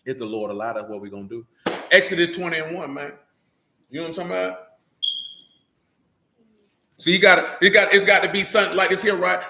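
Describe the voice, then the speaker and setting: A man's voice: on the high side, pushed and bright, echoey room, a little hiss or hum. A man preaching a blunt, slang-filled sermon, often asking rhetorical questions of his listeners. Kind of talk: street-style sermon.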